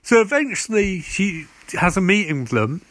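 A man's voice: sits high, sing-song, moderate pace, fairly bright tone. A man ranting through a sarcastic, profane recap of a TV show. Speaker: TV reviewer.

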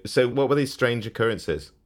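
A man co-hosting a comedy podcast, teasing and rambling, laughing often. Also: medium pitch. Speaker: podcast co-host. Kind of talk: casual comedic podcast chat.

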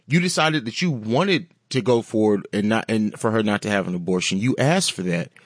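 A man's voice: on the low side, animated, a little fast, no echo, studio quality. A man co-hosting a podcast, speaking earnestly and with emphasis. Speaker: podcast co-host. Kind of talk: casual podcast talk.

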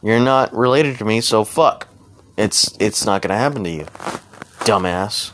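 A man's voice: on the low side, a little slow, fairly bright tone. Profane ranting man, noisy recording. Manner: blunt, profane, heated. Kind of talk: unscripted angry rant.

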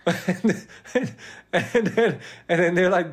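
A man's voice: on the high side, lively intonation, slow pace, long pauses. A young man in casual chat, rambling and cursing as he tells dating stories, laughing often. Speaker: podcast host telling dating stories.

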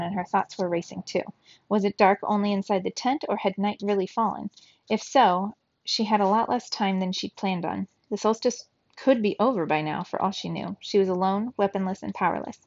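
Gravelly-voiced woman reading a storybook. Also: medium pitch, no echo, highs cut off. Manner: steady storybook narration. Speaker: reader. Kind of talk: reading a children's novel aloud.

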